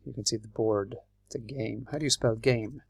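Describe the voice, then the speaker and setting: A man with an Irish accent teaching English, explaining patiently and clearly and spelling words out letter by letter. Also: medium pitch, fairly even intonation, normal speed, no echo, studio quality. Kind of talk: slow, clear classroom explanation.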